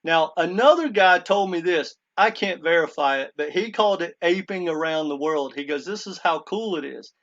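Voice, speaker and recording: A man's voice: a little high, moderate pace, few pauses, a bit bright, highs cut off. A man talking casually to his viewers, retelling a story in earnest and quoting a speaker with many "he goes" asides. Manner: earnest, keeps addressing viewers as "guys". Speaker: crypto commentator. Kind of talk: casual monologue.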